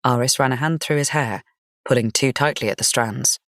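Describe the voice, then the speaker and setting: A woman narrating a gothic fantasy romance audiobook in an even, measured storytelling manner. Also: a bass voice, dry recording, clean studio sound.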